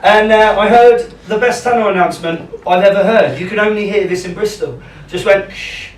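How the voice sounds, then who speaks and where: Self-deprecating comic, roomy club. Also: male voice, high-pitched, fairly quick. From England. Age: young adult. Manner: chatty, self-deprecating, rambling with many ums. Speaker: stand-up comedian. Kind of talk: live stand-up set. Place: small comedy club in a pub. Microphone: handheld stage microphone. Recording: roomy club sound, distant mic, audience noise.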